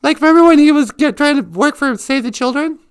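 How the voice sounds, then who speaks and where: A woman with a high, brisk voice hosts a live stream, chatting casually. She's giggly and animated, laughing often.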